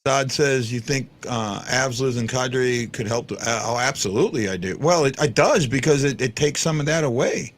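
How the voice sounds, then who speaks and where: A man's voice: mid-range voice, normal speed, hardly any pauses. A man hosting a fan podcast, chatting casually and rambling with lots of restarts and fillers. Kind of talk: casual live-stream chat.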